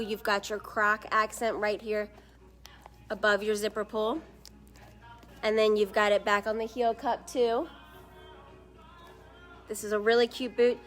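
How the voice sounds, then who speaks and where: A woman's voice: mid-range voice, a bit bright. A woman hosting a live shoe showcase, chatty and upbeat, talking straight to viewers. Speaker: shoe store host.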